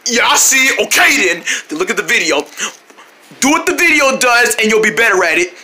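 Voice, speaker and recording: A channel host playing several characters in a silly kids' skit, switching between goofy voices and bursting into shouts and squeals. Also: mid-range voice, very animated, fairly quick.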